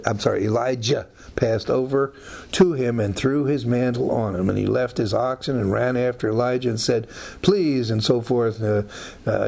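A man's voice: medium pitch, gravelly, a little mellow. A man teaching through a Bible passage in a conversational way, with many fillers and side remarks.

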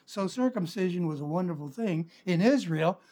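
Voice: mid-range voice, lively intonation, normal speed, mellow. A preacher giving a Sunday sermon in a frank, conversational way, with wry asides and filler words.

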